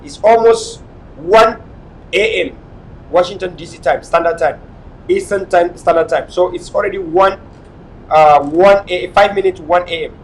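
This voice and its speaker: Impassioned Cameroonian man, high echoey voice. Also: normal speed. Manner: impassioned and repetitive, at times shouting. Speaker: online TV talk show host. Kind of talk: late-night live talk show monologue. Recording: echoey room, mic at a distance, faint rumble.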